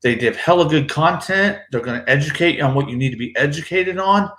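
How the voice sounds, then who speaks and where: A man's voice: on the high side, a little fast, a bit bright, echoey room. A man hosting a casual livestream, laid-back and profane, talking up his guests. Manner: laid-back, swears freely, hypes up guests. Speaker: livestream host.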